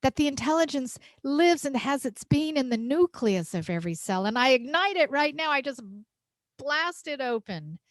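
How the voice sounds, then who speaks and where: A woman's voice: sits high, big pitch swings, moderate pace, no room sound. Emphatic woman minister giving a sermon. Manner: heartfelt, emphatic, laughs often. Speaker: senior minister. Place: church sanctuary.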